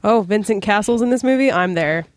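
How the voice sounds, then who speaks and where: A woman co-hosting a relaxed podcast, giggly and playful. Her voice has an average pitch and sounds close and dry on the mic. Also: a little fast, no room sound. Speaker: podcast co-host. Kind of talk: casual chat.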